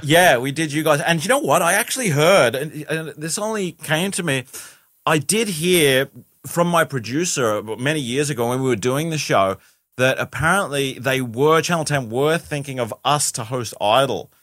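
A man's voice: a little high, lively intonation, normal speed, a bit bright, no room sound, studio quality. A man, a guest in a casual interview who rambles and restarts his sentences, often adding "you know".

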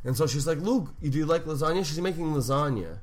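A man co-hosting a podcast, telling a long story in casual chat, animated and swearing freely with lots of "like.". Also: fairly high pitch, quick pace. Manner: animated, swears a lot, heavy use of "like". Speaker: podcast co-host. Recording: noisy background hiss.

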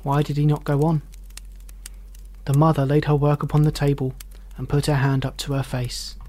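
A narrator reading a classic novel aloud with measured, expressive delivery and dramatic pauses. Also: medium pitch.

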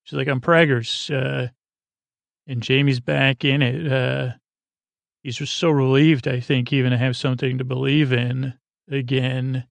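A man's voice: medium pitch, flat delivery, measured pace, gravelly, no room sound. A man hosting a podcast, casually recapping an episode in a rambling way with lots of filler words. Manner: rambling, filler-heavy retelling. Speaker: podcast host.

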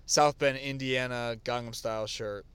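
A man's voice: medium pitch, moderate pace, a crowd in the background. A man co-hosting a podcast, telling stories in casual chat with lots of fillers and restarts. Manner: animated storytelling with lots of fillers. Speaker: podcast co-host.

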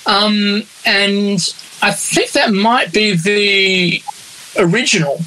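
A man's voice: high voice, takes it slowly, sharp tone, rough recording. A man chatting on a podcast, rambling and restarting his sentences as he explains. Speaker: podcast co-host. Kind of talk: casual chat.

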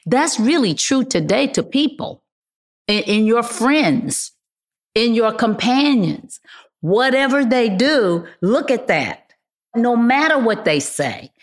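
An older woman, a guest in a casual chat, telling stories animatedly and repeating phrases for emphasis. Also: medium pitch.

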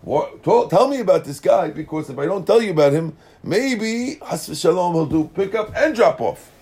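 Animated man teaching a Talmud class. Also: high voice, normal speed, breathy edge. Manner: animated, checks in with listeners; mixes Hebrew and Aramaic terms into English. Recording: class recording.

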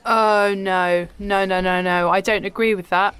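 A woman doing a talent agency assistant who stays deadpan and unbothered no matter who is shouting at her, with an ordinary mid-height voice. she giggles easily and answers everything in a plain, unhurried way, a comedy sketch straight woman. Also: mid-range voice, clean tone, lightly acted.

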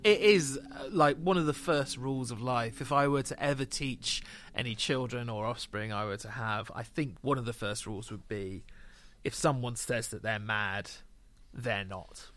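Man, podcast co-host, casual chat, sardonic, middle pitch. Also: moderate pace, a bit bright. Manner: dry, sardonic, laughs often.

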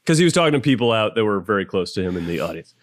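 A man's voice: fairly low pitch, sing-song, rapid-fire, no echo, studio quality. A man as a podcast guest in casual chat, joking around and slipping into silly impressions. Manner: jokey, slips into silly impressions.

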